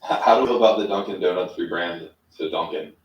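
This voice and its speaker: Casual male guest, friendly and loose; lowish voice, distant echoey sound. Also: quick pace. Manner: friendly, casual, says bro. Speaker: guest in an online audio space. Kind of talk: casual chat. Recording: roomy, distant online audio.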